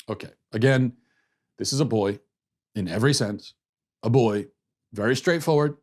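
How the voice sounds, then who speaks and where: A man's voice: mid-range voice, normal speed, long pauses, darkish tone. A man hosting a political commentary podcast, talking in a sarcastic, mocking way with frequent restarts and repeated words. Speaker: host.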